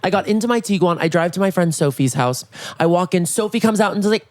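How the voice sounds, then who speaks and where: A young man hosting a podcast, chatting casually and telling lively stories with quick jokes. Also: sits high, dry recording, studio quality. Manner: animated storyteller, quick jokes. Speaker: podcast host. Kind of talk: casual chat.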